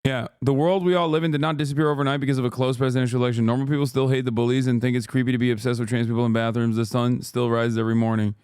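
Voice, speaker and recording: A man's voice: mid-range voice, level tone, very fast, few pauses, a little mellow, clean tone, dry recording, studio quality. A man streaming live, reacting to the news in a profane, exasperated rant to his chat.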